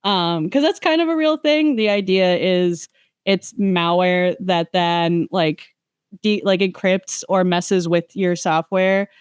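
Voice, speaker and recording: A woman chats on a podcast, her smooth, resonant voice recorded dry and close. She wanders through long technical tangents, full of fillers and restarts. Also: on the low side, takes it slowly, no room sound. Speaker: guest. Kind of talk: casual podcast chat.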